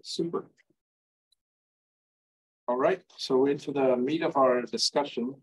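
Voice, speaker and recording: Man commission chair, husky, mid pitch, hesitant and halting. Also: poor audio. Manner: hesitant, many fillers and restarts. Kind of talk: meeting chairing. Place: city meeting room.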